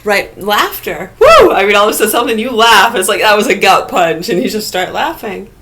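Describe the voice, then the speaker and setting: A woman's voice: mid-range voice, brisk, a bit bright. A woman in a casual ranting monologue, blunt and profane, firing rhetorical questions at imagined listeners. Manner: argumentative, talks to absent listeners.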